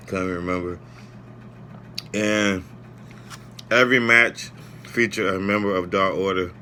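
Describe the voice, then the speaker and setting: Rambling man with a bright, forceful voice. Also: sits low, slight background noise. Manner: rambling, heartfelt, frequent "man" and "you know". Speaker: wrestling show reviewer. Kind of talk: casual spoken review.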